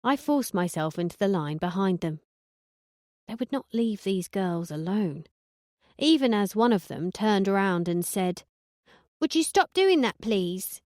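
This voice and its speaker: A woman narrating an audiobook in the first person, sardonic and deadpan. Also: mid-range voice, a little slow, no room sound, clean studio sound.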